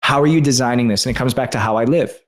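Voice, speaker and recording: A man's voice: mid-range voice, fast talker. A man, a guest author on a podcast interview, telling a personal story in an earnest and emotional way.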